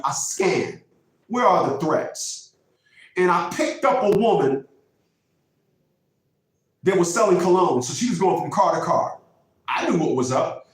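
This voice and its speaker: A man in his fifties hosting his own vlog, talking in a casual but preachy monologue, emphatic and repeating his points for effect. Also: sits high. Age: 50s. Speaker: vlogger host. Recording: very echoey room, mic far off.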